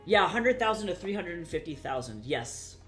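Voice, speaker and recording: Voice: mid-range voice, very animated, brisk, fairly bright tone, faint music behind. A young adult streamer in casual live-stream chat, rambling and swearing casually while talking to viewers.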